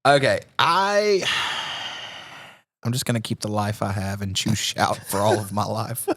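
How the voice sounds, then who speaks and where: A man co-hosting a podcast in casual chat, loud and laughing often. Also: lowish voice, a little slow, no room sound, clean studio sound. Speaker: podcast co-host.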